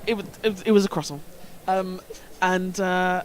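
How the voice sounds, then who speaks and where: Man, sports commentator, slightly high voice, halting delivery full of ums and restarts. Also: flat delivery, background noise. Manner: hesitant, many fillers and restarts.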